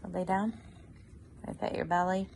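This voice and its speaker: A woman at home filming her cat on a phone, coaxing it in slow, repetitive, sing-song baby talk. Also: fairly low pitch, flat delivery, gravelly, a little mellow, a little hiss or hum.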